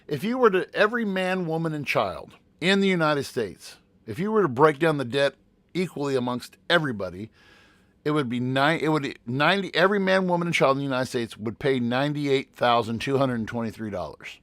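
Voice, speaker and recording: Rambling teacher-host, dry close mic. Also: male voice, medium pitch, lively intonation, a little fast, fairly bright tone, no room sound. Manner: rambling, with many restarts while reading out figures. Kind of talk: casual podcast chat.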